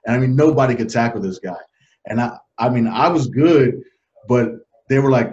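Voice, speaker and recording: A man in his forties telling a personal story as an interview guest, earnest and halting, getting choked up and dropping his voice low and soft. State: emotional, choked up. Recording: dull lo-fi audio.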